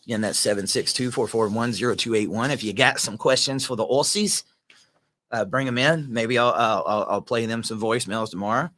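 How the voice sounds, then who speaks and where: A man's voice: mid-range voice, a little fast, a bit bright, no room sound. A man with a Southern American accent hosting his podcast, talking casually and earnestly, often repeating words. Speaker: podcast host. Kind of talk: casual solo talk.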